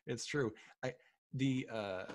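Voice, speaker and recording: A man's voice: medium pitch, slow, a little mellow, no echo. A man hosting a casual film-discussion podcast, rambling with many fillers and restarts. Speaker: podcast host.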